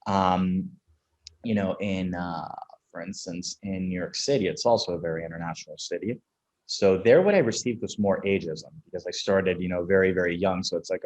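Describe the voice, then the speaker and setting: Brief: young male founder from Venezuela, low-pitched, frank conversational guest. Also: moderate pace, darkish tone. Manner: casual, candid, laughs through anecdotes. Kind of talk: conversational interview.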